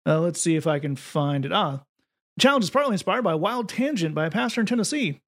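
High-voiced sardonic male podcast host. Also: fast talker. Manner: sardonic, mocking delivery with animated read-out quotes. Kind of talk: casual podcast chat.

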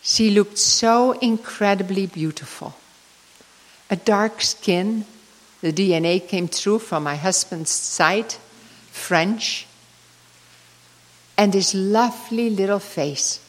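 A woman's voice: medium pitch, slow, pauses often. Older woman preaching in a reverberant hall. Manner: emotional storytelling, ending in soft prayer. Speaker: speaker giving a devotional talk. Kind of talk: sermon with personal story and prayer. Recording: long reverb of a large hall.

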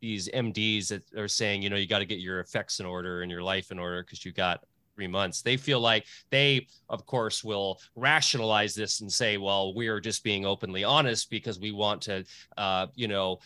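Bright, dry-voiced male host. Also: fairly low pitch, steady tone, normal speed, clear, resonant tone, no room sound. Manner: earnest, filler-heavy, emotional. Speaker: podcast co-host. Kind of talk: casual interview talk.

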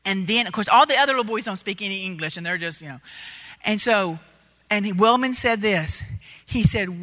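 A woman telling a story in a sermon, animated and loud, getting louder as she gets excited. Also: mid-range voice, a little fast. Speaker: preacher. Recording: reverberant hall.

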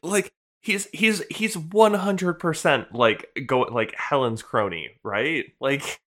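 Bright excitable male co-host. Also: a little high, takes it slowly. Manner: excitable, enthusiastic. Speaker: podcast co-host. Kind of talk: casual chat.

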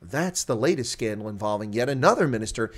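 A man's voice: mid-range voice, expressive, quick pace. A man hosting a daily news rundown, delivering opinionated, sarcastic commentary with open scorn.

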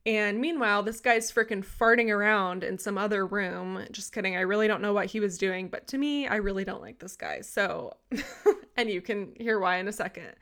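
Young woman podcaster chatting casually, blunt and lively, acts out what people said. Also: mid-range voice, a little fast. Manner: candid, animated, swears freely, acts out quotes. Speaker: podcast host. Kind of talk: casual storytelling monologue.

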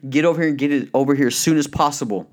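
A man's voice: on the high side, voice pushed up, lightly acted. A man doing an overexcited shoe salesman. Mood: excited. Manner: urgent, rushed, pleading. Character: excited male shoe salesman, eager and pushy.

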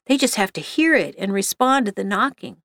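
A woman's voice: medium pitch, lively intonation, a little fast, a bit bright, dry recording, studio quality. A woman voicing Paul, a blunt, argumentative male researcher. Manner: accusing, blunt.

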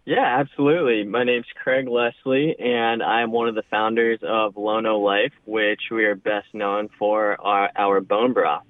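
Male guest, low voice, quick and casual, tinny phone audio. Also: steady tone, no room sound. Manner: quick, with fillers. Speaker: company co-founder, guest. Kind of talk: casual interview answers.

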